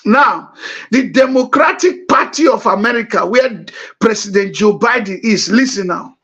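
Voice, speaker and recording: A middle-aged man with a Nigerian accent hosting a talk show, explaining politics and repeating points slowly. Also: sits high, animated, fairly bright tone, muffled recording. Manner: many uh fillers, emphatic. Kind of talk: political commentary monologue.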